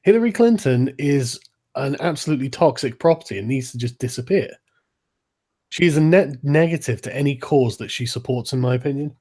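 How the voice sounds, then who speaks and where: A man's voice: medium pitch, animated, brisk, a little mellow, husky. A man who is a guest in a casual online political chat, agreeing bluntly and swearing freely. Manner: blunt, profane agreement, laughs.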